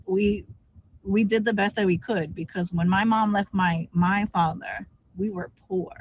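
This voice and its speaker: A woman's voice: mid-range voice, fairly even intonation, measured pace, husky, dry recording, lo-fi sound. A woman guest chatting casually, upbeat and encouraging, with many "like" fillers. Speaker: guest streamer. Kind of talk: casual chat.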